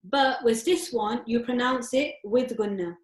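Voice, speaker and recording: A woman's voice: a little high, unhurried, roomy sound. A woman teacher explaining recitation rules step by step, asking herself questions and answering them patiently. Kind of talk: tajweed lesson.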